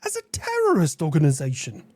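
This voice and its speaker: A woman's voice: deep voice, wildly swooping pitch, brisk, a little mellow, dry recording, clean studio sound, heavily acted. A woman voicing a prim, sarcastic country figure. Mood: lecturing. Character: prim, sarcastic personified Britain, a grown woman. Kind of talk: animated web-series voice acting.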